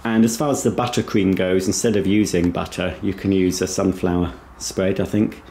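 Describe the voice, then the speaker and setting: A low-voiced man rambles through a casual home tour, chatting while he snacks. He talks into a handheld camera indoors, and a faint hiss sits under the voice. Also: level tone, moderate pace, gravelly, mellow. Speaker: vlogger. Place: inside a house.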